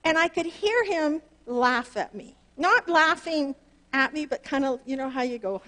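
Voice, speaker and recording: A woman pastor, preaching earnestly through a personal story, her voice leaping up on key words. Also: a little slow. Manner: earnest and animated, pitch leaps up on emphasis. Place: church sanctuary.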